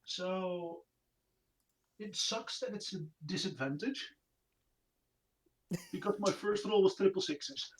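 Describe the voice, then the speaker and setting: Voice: mid-range voice, slow pace, long pauses, a little hiss or hum. Wry tabletop player. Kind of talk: casual tabletop game chat.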